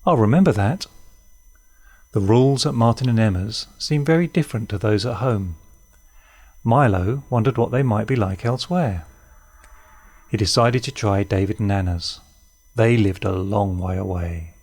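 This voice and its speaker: A man reading a children's story aloud in an expressive way. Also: on the low side, normal speed. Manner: warm, expressive read-aloud.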